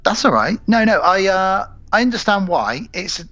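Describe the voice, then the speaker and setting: Podcast co-host, forties, rambling and jokey; slightly high voice, dry close mic. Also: male voice, big pitch swings, moderate pace, bright, forceful tone, no echo, lo-fi sound, soft background music. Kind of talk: casual film review chat.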